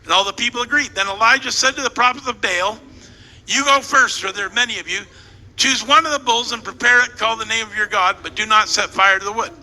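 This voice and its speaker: Animated high-voiced pastor in a hall. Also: male voice, a little fast. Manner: animated and playful, directing volunteers and joking with the crowd. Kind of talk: sermon retelling a scripture story. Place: church hall. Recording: long echo in a large hall with faint noise.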